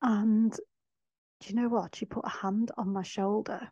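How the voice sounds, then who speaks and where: Woman doing a podcast, heartfelt, soft, laughs a lot, muffled no-mic sound. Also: mid-range voice, steady tone, a little slow, slightly rough, no room sound. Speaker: podcast host. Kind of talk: reflective spiritual monologue. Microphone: no microphone. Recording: dull dry sound, no microphone.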